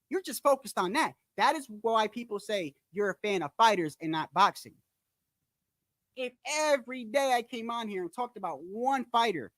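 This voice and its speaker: His voice is extremely high and a bit bright, captured on a dry recording, as he hosts a boxing channel. The delivery is a casual, ranting commentary: blunt, emphatic, profane and repetitive for emphasis. He speaks directly to his viewers and says "bro" a lot.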